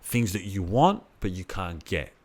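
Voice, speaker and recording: A man with a very deep voice talks loosely on a podcast. He rambles, restarts his sentences and swears casually as he thinks aloud. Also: very animated, a little slow, a little mellow. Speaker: podcast co-host. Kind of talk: casual chat.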